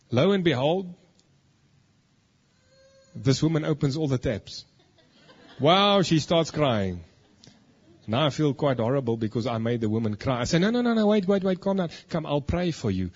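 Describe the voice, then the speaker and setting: A man, preaching a sermon and telling his own testimony, moving between hushed asides and emphatic declarations. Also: mid-range voice, breathy edge, highs cut off. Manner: storytelling, swings from hushed to emphatic.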